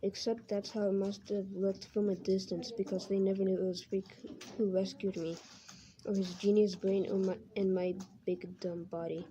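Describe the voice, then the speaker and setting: A teacher, a woman, reading a novel aloud to her class in a plain, even way, now and then stumbling and correcting herself. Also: medium pitch, moderate pace. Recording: muffled lo-fi recording.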